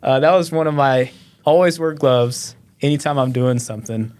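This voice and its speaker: A man's voice: medium pitch, moderate pace, a little mellow, clean tone. A police officer in his thirties, a podcast guest, telling stories in a laid-back, self-deprecating way with lots of fillers. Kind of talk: casual storytelling.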